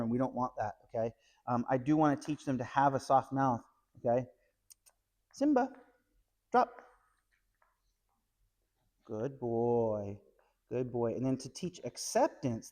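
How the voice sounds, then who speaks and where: A man with an ordinary mid-range voice teaches a puppy training session. He explains each step as he works the dog and keeps tagging his points with a quick "okay?" to the viewer. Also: mid-range voice, dark tone. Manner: explains while working a puppy, frequent "okay?" check-ins. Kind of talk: instructional training video.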